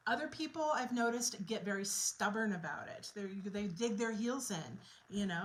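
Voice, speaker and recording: A woman's voice: mid-range voice, lively intonation, moderate pace, low-quality recording. A woman working as a quit-smoking coach, talking casually to camera in an earnest, reflective way as she thinks aloud.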